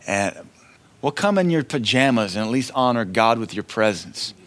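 Male pastor, casual sermon delivery, mid-range voice, alternates soft asides with raised declarations. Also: mid-range voice, expressive, moderate pace. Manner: conversational preaching, swings between loud declarations and quiet asides. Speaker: preacher. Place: church.

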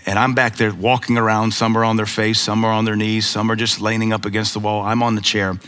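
A middle-aged American man, a pastor, preaching a sermon with lively storytelling and rhetorical questions. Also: a little fast. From United States. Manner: animated storytelling preacher, rhetorical questions, voices pitch up for emphasis.

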